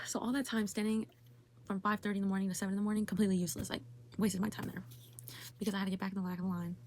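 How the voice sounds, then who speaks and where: A woman's voice: mid-range voice, level tone, very fast, pauses often, slight background noise. A young woman telling a frustrated story in a casual vlog rant, full of "like" and swearing. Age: young adult. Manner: exasperated, heavy use of "like", swearing. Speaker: vlogger.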